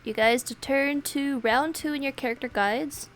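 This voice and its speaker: A woman running a murder mystery party game as its host, giving instructions with hesitant pauses. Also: sits high, faint music behind. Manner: hesitant, many fillers. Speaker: game master.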